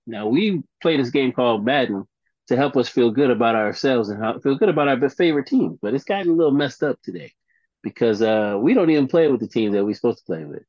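A man's voice: medium pitch, darkish tone, dry recording. Rambling jokey man, dull recording. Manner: rambling, jokey, self-mocking. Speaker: podcast co-host. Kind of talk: casual sports chat.

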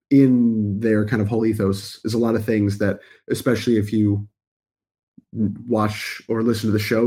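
A man's voice: on the low side, darkish tone, breathy edge. A man hosting a podcast, his voice nasal from a cold, talking in an articulate, enthusiastic way. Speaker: podcast host. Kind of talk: podcast intro and interview.

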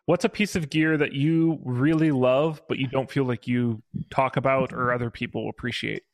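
A man's voice: mid-range voice, fairly even intonation, moderate pace, no echo, studio quality. A man co-hosting a podcast in a casual chat, steering the conversation back to the topic. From Chicago area. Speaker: podcast co-host. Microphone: home mic over video call.

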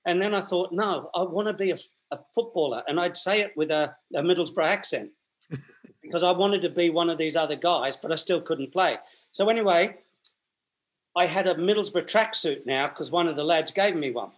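A man's voice: a little high, normal speed. A man, telling long stories as an interview guest and often restarting and repeating his words. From Australia. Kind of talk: storytelling in a conversational interview.

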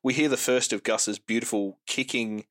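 A man hosting a podcast, recapping a film plot in casual, wry chat. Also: normal speed. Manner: wry, joking recaps with lively pitch. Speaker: podcast host. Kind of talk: casual movie review chat.

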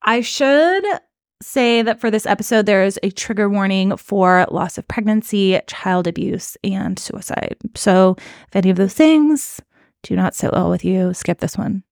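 A young woman co-hosting a podcast in casual chat, relaxed, chatty and wry. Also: medium pitch, unhurried, no echo, studio quality. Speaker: podcast co-host.

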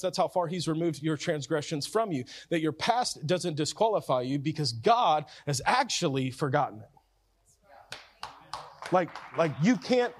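A pastor delivers a sermon conversationally, repeating and restarting phrases as he swings from loud and urgent to soft and quiet. His pitch is fairly high, and there's a little hiss or hum.

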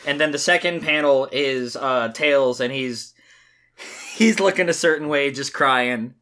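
A podcast co-host giving casual comic commentary in an animated way, swearing freely and laughing often. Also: mid-range voice, a little slow.

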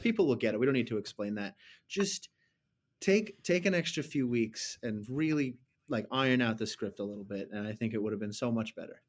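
A man talking casually about a movie with friends. He rambles, gets animated and drops mocking asides. His pitch sits in a middle range for a man. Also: a little fast. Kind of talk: casual film discussion.

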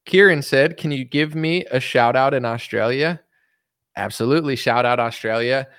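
In a relaxed livestream, an American man rambles, jokes, and reads viewer comments aloud while answering their questions. His mid-range voice moves at a moderate pace, a bit bright and clean, captured dry with clean studio sound.

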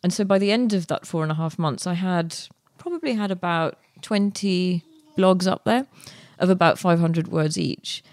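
A woman's voice: fairly low pitch, normal speed, few pauses, darkish tone, no echo. Woman telling a story in a dry, close recording. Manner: chatty, with frequent fillers and restarts. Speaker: guest author. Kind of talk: relaxed interview storytelling.

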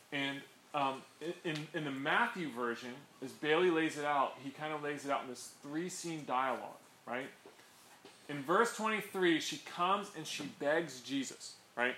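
A man's voice: mid-range voice, bright, forceful tone. Chatty man teaching in an echoey room. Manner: chatty, frequent "right?" and "um" asides, tells stories to the group. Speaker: Bible teacher. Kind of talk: informal Bible study teaching. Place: room with a small group of listeners. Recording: echoey room with faint background noise.

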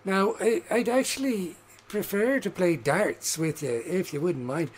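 A man's voice: high-pitched, unhurried, slightly rough, pitched above the performer's own voice. A man playing a prim halfling lady. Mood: polite. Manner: prim and polite. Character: polite female halfling darts enthusiast.

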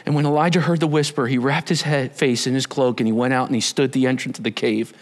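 A male pastor giving a sermon, telling the story with animated swings from shouts down to whispers. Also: medium pitch, fast.

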